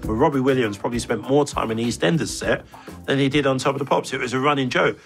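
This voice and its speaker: A man's voice: medium pitch, brisk, a bit bright, soft background music. A man in an interview telling a running joke in a knowing, jokey way. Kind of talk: reminiscing interview.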